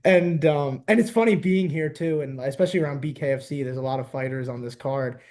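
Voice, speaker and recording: A young man from the New Jersey–New York area, hosting a podcast in casual, animated chat and laughing often. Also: mid-range voice, fairly quick. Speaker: podcast host.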